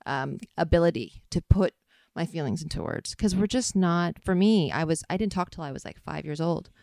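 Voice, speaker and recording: A woman's voice: low-pitched, a little mellow, dry recording, studio quality. A young adult woman interviewing guests, talking openly and reflectively in a loose, rambling way. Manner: open, rambling, self-reflective, laughs often. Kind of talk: candid conversational interview.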